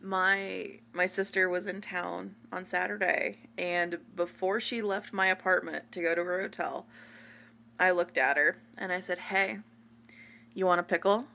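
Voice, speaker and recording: A woman's voice: fairly low pitch, fairly even intonation, measured pace, creaky, pushed and bright, slight background noise. A woman co-hosting a podcast, chatting frankly and telling stories with casual swearing. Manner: frank, swears freely, storytelling. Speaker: podcast co-host. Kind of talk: casual chat.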